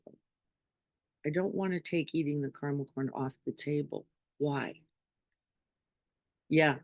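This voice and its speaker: A woman's voice: a bass voice, darkish tone, no room sound. Conversational woman giving a spiritual talk. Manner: conversational, often checks in with "right?". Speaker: spiritual teacher. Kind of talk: informal spiritual talk to a group.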